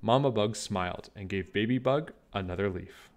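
A man reading a children's storybook aloud with animated, expressive narration. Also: lowish voice, moderate pace. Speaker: children's book reader.

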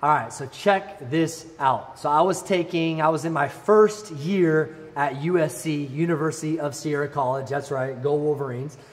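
A young man with a high voice gives an animated youth sermon built around a personal story. He talks like an excited storyteller, jumping up when the story hits. His voice rings with a long, hall-like reverb. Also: normal speed, hardly any pauses, faint music behind. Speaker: youth pastor.

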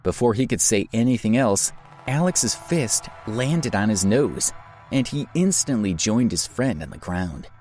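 A man's voice: fairly low pitch, expressive, a little slow, darkish tone, faint music behind. A man narrating an audio drama in a dramatic storytelling manner.

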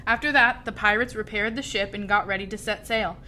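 A woman reading a children's story aloud with expressive, lively storytelling. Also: medium pitch, fairly quick, a little hiss or hum. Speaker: storybook reader.

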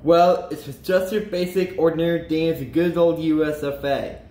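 Male storybook reader, animated delivery with slowed emphasis, voice on the higher side, echoey room with faint hiss. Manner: animated, slows and lifts pitch for emphasis and character lines. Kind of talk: children's storybook read-aloud.

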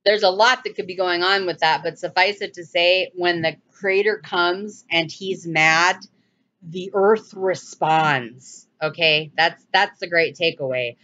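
Animated woman teaching scripture, lo-fi. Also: fairly low pitch, unhurried. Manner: animated, rambling with restarts, sudden exclamations. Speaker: bible teacher. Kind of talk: casual bible teaching video.

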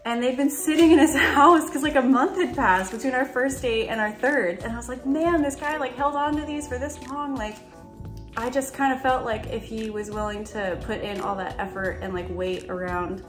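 A woman's voice: fairly high pitch, normal speed, faint music behind. A young woman talking casually to camera about her partner, chatty and heartfelt, laughing through tears. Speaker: girlfriend telling their story. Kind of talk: casual direct-to-camera talk.

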